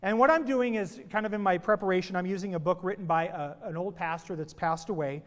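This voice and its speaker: A high-pitched male pastor delivers a sermon in a church sanctuary, his voice trailing off into a long hall reverb. He tells jokes in a playful, animated way before he starts preaching. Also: quick pace. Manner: playful, animated joke-telling.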